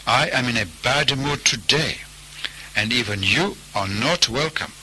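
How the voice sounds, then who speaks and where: A man's voice: medium pitch, expressive, measured pace, pushed and bright, a little hiss or hum, low-quality recording. A man voicing a bad-tempered male hippo in a storybook tale, speaking in curt, surly refusals.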